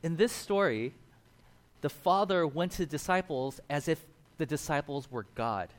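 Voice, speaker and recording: A man preaching a casual sermon, retelling a Bible passage with lively acted-out quotes and asides. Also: a little high, moderate pace. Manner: animated storytelling, acts out quotes. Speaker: pastor.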